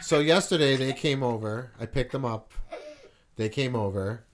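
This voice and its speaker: A man's voice: medium pitch, moderate pace, a little hiss or hum. A man hosting a casual home podcast with his children, teasing and playful as he interviews them. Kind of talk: casual family chat.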